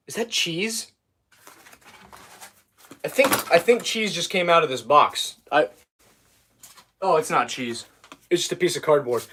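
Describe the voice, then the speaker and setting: A man's voice: fairly high pitch, background noise. A young man chatting casually on a livestream while working, rambling and easily sidetracked as he talks to his viewers. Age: young adult.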